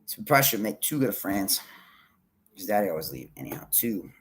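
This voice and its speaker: A man's voice: on the low side, very animated, fast, a little hiss or hum. A man rambling in a casual monologue, swearing and laughing often, sometimes muttering.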